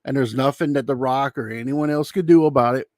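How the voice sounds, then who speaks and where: Speaking briskly in a slightly mellow, mid-range voice, a male YouTube commentator gives a rambling, offhand retelling full of his opinions, performing each quote as he goes. The recording is clean studio audio without echo.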